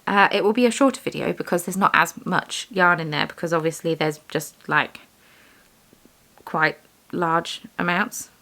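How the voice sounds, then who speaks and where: A woman's voice: on the low side, fairly even intonation, normal speed, pushed and bright. A young woman vlogger chatting casually while she does bead weaving, rambling and poking fun at herself. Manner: rambling, self-deprecating, chatty. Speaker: vlogger, yarn dyer and shop owner.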